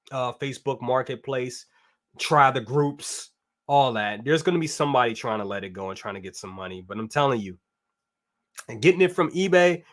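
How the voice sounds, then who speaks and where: Guy hosting a toy stream, chatty and slangy, just rambles on, mid pitch. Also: a bit bright. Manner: rambling and upbeat, slangy, reads chat comments aloud. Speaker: toy review show host. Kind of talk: casual live-stream chat.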